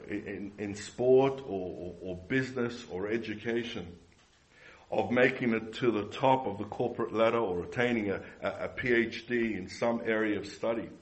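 Male preacher with a low voice, earnest sermon delivery, frequent restarts and repeated lines. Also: poor audio.

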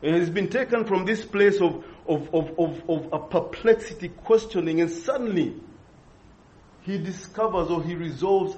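A man preaching an expository sermon, earnest and measured, pausing and restarting as he thinks. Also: sits high, darkish tone. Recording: dull lo-fi recording.

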